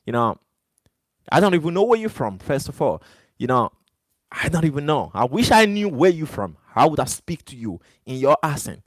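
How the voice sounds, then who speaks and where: A man hosts a live stream in English, which isn't his native tongue, talking right to his chat with insistent repetition. His slightly high voice swings widely in pitch at a moderate pace, recorded dry.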